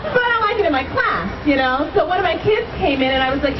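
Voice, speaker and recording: A woman performing a stand-up comedy set, telling animated stories, acting out quoted voices and laughing along. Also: very high-pitched, quick pace. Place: comedy club stage. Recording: distant lo-fi club recording with loud crowd. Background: loud audience laughter and room noise.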